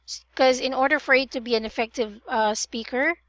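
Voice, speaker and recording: A woman's voice: sits high, a little fast, a bit bright, dry recording, dull audio. A woman tutoring English pronunciation in a one-on-one online session, patiently drilling words and correcting vowel sounds.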